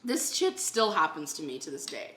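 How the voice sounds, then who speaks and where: Bright-voiced, blunt woman podcast host. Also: low-pitched, big pitch swings, moderate pace, echoey room, slight background noise. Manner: blunt storytelling, heavy swearing. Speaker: podcast host and renovation company owner. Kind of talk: casual podcast chat.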